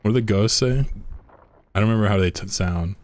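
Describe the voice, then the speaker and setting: A young man with a low voice streams a game, chatting in a loose, playful way. He gets excited and tries out impressions between remarks. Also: fairly quick. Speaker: gaming streamer. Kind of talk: casual chat.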